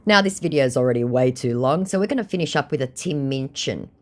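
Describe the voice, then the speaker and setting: A woman's voice: a bass voice, animated, quick pace. An Australian woman casually recounting chats in a blunt, sarcastic manner. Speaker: scam-baiting vlogger.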